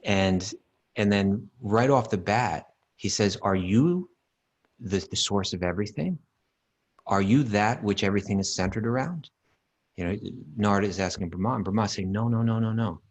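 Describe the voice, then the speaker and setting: Deep-voiced man teaching scripture emphatically. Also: moderate pace. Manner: emphatic, repeats words, chants Sanskrit verses. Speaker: podcast co-host teaching scripture. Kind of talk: casual teaching talk.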